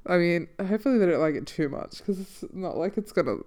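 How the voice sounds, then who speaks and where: Loud, laughing woman podcast co-host. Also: fairly low pitch, lively intonation, fast. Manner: loud, laughs often, chatty. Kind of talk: casual chat.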